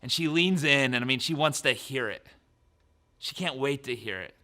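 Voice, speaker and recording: A man in his thirties preaching a sermon as pastor, lively, then dropping his voice to near whispers. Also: mid-range voice, normal speed. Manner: animated preaching that drops to soft whispers.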